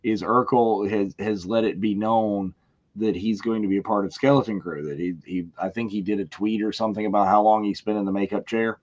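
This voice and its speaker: A lower-voiced man chatting as co-host of a fan show, slipping into playful impressions as he tells a story. His sound comes through dull and lo-fi, without much top end. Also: brisk. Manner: animated storyteller, acts out quotes, laughs. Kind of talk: casual fan chat.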